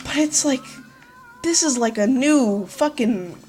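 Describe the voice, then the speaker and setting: A woman's voice: high voice, lively intonation, slow, a little mellow, faint music behind. A woman hosting a let's play, talking casually and profanely with lots of "like" and "dude". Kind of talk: gameplay commentary.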